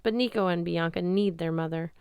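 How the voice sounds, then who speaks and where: A woman voicing a gentle Italian mother in her thirties, speaking with an Italian accent in a slow, soft, tender way. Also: fairly low pitch, clean tone, no room sound, clean studio sound, lightly acted.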